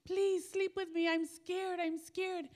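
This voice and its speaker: A woman's voice: very high voice, flat delivery, slow pace, a little mellow, voice pushed up. A woman doing a scared little boy. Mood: pleading. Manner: pleading, whiny. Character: frightened little boy, about five.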